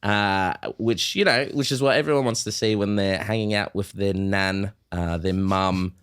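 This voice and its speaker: A man's voice: lowish voice, fairly even intonation, normal speed, a bit bright, clear, resonant tone. An Australian man in his thirties, a podcast co-host telling rambling stories in casual chat, with frequent fillers.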